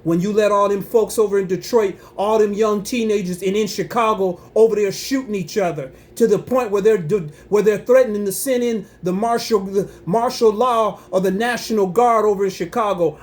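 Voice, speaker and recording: A man's voice: sits high, normal speed, few pauses, a little mellow. A man giving impassioned religious commentary on his own channel, emphatic and preachy, repeating himself and breaking into angry rising outbursts.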